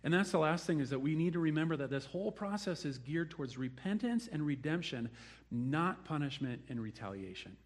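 Animated preacher man, slightly high voice. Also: fairly quick. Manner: animated storytelling, acting out the quoted characters. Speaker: pastor. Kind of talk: sermon.

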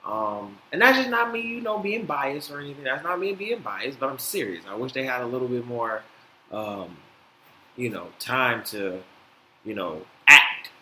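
A man hosting a casual solo podcast, animated and swearing freely with many fillers. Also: medium pitch, normal speed. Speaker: podcast host. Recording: echoey room, faint noise.

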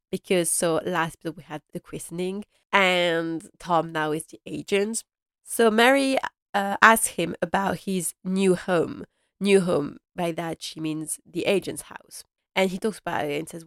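A woman chats through a recap of a period drama, gushing and rambling with plenty of fillers. Her voice is smooth and clear, at a middle pitch. The sound is close and dry. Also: normal speed, a bit bright, no room sound. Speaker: podcast host. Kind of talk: casual episode recap chat.

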